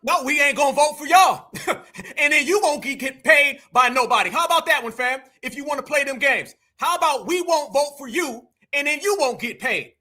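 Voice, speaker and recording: A man giving heated, profane reaction commentary and often shouting. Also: very high voice, animated, normal speed. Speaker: political commentator reacting to clips.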